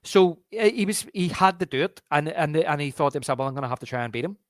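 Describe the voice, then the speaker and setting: A man with a slightly high voice co-hosts a casual movie podcast. He retells scenes and slips into a low drawl to quote the characters. The sound is close and dry, with no room around it. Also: expressive, fast, dry recording. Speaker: podcast co-host. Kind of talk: casual movie review chat.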